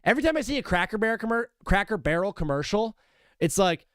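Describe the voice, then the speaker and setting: A young man hosts a live sports stream, rambling from topic to topic with a jokey, loose manner. His voice sits a bit high and sounds smooth and clear. It is recorded close and dry, with no room sound. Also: big pitch swings, fast, fairly bright tone, no room sound. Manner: rambling, jokey, calls viewers brother. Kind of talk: casual live-stream chat.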